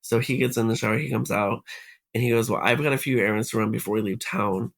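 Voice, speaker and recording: A man's voice: lowish voice, fast talker, gravelly. A man, a podcast guest, recounting what happened to him and acting out the conversations he had along the way. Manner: retells events by acting out quoted dialogue. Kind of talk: recounting a personal story in conversation.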